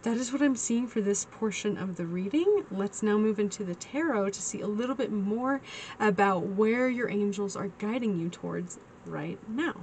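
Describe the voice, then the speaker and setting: A woman's voice: mid-range voice, moderate pace, a little mellow, a little hiss or hum. A woman giving a casual tarot reading, chatty and giggly, calling her listeners honey. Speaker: tarot reader.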